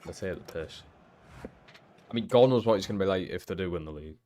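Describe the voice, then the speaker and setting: A young man streaming a football career game, chatting casually and swearing freely, jumping into loud excited shouts at big moments. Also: deep voice, quick pace. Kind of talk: live-streamed gameplay commentary.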